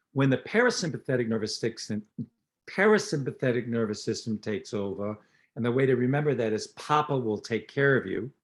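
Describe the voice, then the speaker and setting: An older man talks in a relaxed interview, mixing anecdotes with plain teaching. He is a dentist and lecturer, and he acts out the lines of the people in his stories. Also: medium pitch. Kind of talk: storytelling interview talk.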